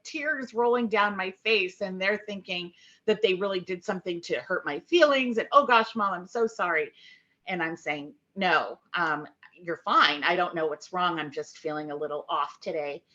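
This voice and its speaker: A middle-aged woman speaking candidly and haltingly about grief, with many fillers, in a personal talk to camera. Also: lowish voice, fairly bright tone, muffled recording. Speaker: grief vlogger.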